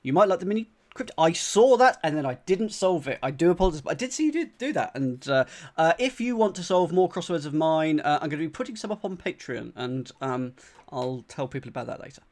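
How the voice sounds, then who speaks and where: A man from the UK with a slightly higher-than-usual voice works through crossword clues on a live stream. He reads each clue aloud more than once and muses over it, full of fillers and half-started sentences. He talks casually to his viewers as he goes. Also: sing-song, brisk, darkish tone. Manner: thinks aloud, repeats clues, many fillers and restarts.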